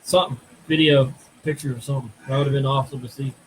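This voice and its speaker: A man's voice: mid-range voice, steady tone, fast, crowd noise, poor audio. A man hosting a live paranormal show, speaking hesitantly with lots of fillers. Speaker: podcast host. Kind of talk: casual live-stream chat.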